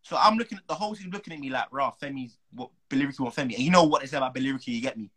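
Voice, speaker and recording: A young man, a footballer telling an animated, slang-filled story as a guest. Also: mid-range voice, very fast, husky, poor audio. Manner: animated, slang-heavy, acts out the people he quotes. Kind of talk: casual storytelling.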